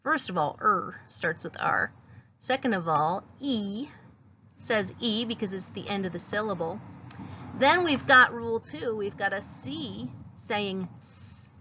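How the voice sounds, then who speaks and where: Slow-speaking woman teaching phonics. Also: medium pitch, lively intonation, sharp tone, lo-fi sound, a little hiss or hum. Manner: patient, explains each sound while writing words. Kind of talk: phonics lesson.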